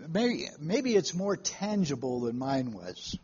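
A man preaching a sermon to a live congregation, telling stories in a folksy way with halting restarts and questions to the room. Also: fairly high pitch, big pitch swings, a little mellow, slightly rough, dull audio.

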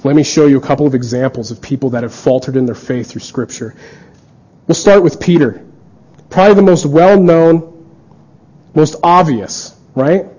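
An earnest male preacher with a fairly high, mellow voice. He delivers a sermon and acts out quoted dialogue as he goes. The recording sounds dull and lo-fi. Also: normal speed.

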